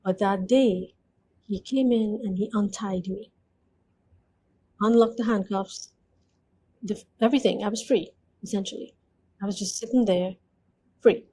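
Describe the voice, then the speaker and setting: A woman's voice: mid-range voice, measured pace, pauses often, mellow, slight background noise, low-quality recording. A woman telling her personal testimony as an interview guest, speaking earnestly and conversationally with frequent 'you know' fillers.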